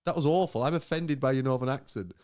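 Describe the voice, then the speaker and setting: A man's voice: medium pitch, quick pace, a little mellow. A man hosting a casual comedy podcast, teasing and provoking, cutting in and laughing a lot. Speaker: podcast host.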